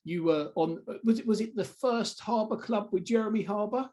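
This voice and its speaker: Easygoing host, higher voice. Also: male voice, moderate pace, a little mellow. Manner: easygoing, jokey, rambling restarts. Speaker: podcast host. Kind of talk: casual interview chat.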